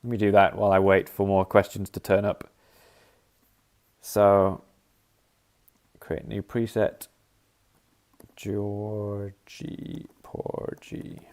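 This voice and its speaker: An app developer casually demos a music app on a live stream, his fairly low, smooth, slightly mellow voice showing little pitch movement. He speaks at a measured pace with frequent pauses, thinking aloud while clicking and scatting rhythms as "da da."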